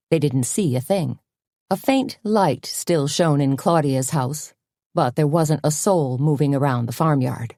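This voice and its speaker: Low, mellow-voiced woman narrating. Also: unhurried, no room sound, studio quality. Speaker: audiobook narrator. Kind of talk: scripted narration.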